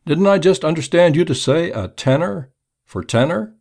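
A man voicing a wisecracking convict who jokes in a bland, deadpan way. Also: on the high side, moderate pace, vocal fry, voice pushed up. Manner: bland, joking.

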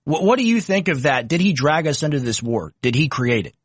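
A male talk-show host grilling his guest in a political debate. His voice sits slightly high for a man and sounds dry and close. His questions come pointed and persistent. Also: big pitch swings, fairly quick, husky, dry recording.

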